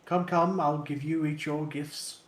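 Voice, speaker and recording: A man's voice: on the high side, fairly even intonation, a little slow, echoey room, close to an everyday voice. A man voicing a wizened, blindfolded old spinner who coaxes visitors closer. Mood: coaxing.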